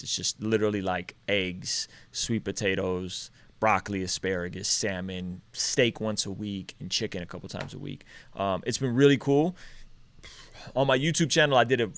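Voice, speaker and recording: A man in his thirties hosting a casual live stream chat, talking in a relaxed, rambling way and calling out viewers with energy. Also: fairly low pitch, clean tone, no echo. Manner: relaxed, rambling, animated shout-outs. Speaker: host.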